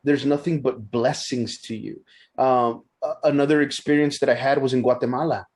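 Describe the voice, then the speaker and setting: A man in his thirties of Mexican-American background, telling stories in a casual podcast chat, animated and stumbling over his words. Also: mid-range voice, normal speed. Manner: animated storyteller, frequent restarts and stumbles.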